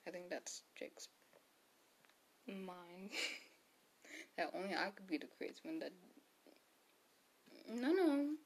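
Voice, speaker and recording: A woman's voice: on the low side, big pitch swings, slow pace, pauses often, a little mellow, slight background noise. A woman retelling a story in casual chat, rambling with fillers and self-corrections, and sometimes dropping to a whisper for quotes.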